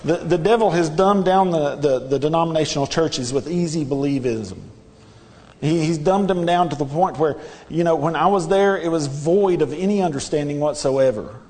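A man's voice: on the high side, moderate pace, a little mellow, in a large hall. A man preaching a sermon in a church, earnest and repetitive, pressing his listeners with rhetorical questions. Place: church sanctuary.

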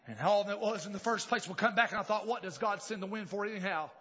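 A man preaching a revival sermon, telling a story and rising to shouted exclamations. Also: sits high, a little fast, hardly any pauses, muffled recording, a faint crowd, slight background noise.

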